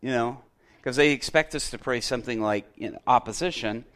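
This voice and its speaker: A middle-aged male pastor telling a story in a sermon, acting out the dialogue and getting loud at the punchlines. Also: mid-range voice, a little fast. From Chicago area.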